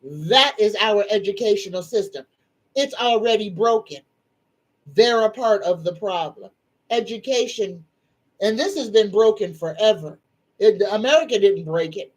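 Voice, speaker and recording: A woman's voice: medium pitch, lively intonation, moderate pace, low-quality recording. A middle-aged woman, hosting a live psychic chat in a folksy, emphatic, preachy way. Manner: tearful, soft-spoken. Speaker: psychic livestream host. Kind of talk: casual live-stream chat.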